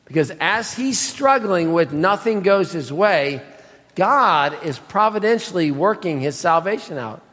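A man's voice: sits high, expressive, measured pace, fairly bright tone, long reverb tail. A pastor preaching a sermon, emphatic, reading scripture and putting pointed questions to his congregation. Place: church sanctuary.

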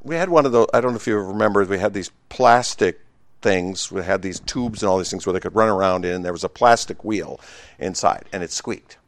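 A pastor preaches an emphatic, conversational sermon, swinging from loud exclamations to hushed asides and joking with the congregation. His voice is low-pitched and brisk, recorded dry.

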